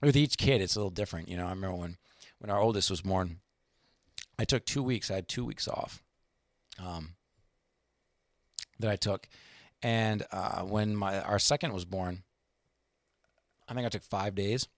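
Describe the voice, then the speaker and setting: Low-voiced chatty man, dry sound. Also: dry recording. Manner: chatty, rambling, reads passages aloud slowly. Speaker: podcast co-host. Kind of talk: casual book discussion.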